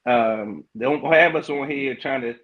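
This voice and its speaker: A middle-aged man hosts a casual podcast livestream, reading out comments as he goes. He talks loose and hyped, heavy on slang and fillers, and his voice sits at an ordinary middle pitch. The audio is a little dull and lo-fi. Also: measured pace. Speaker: podcast host.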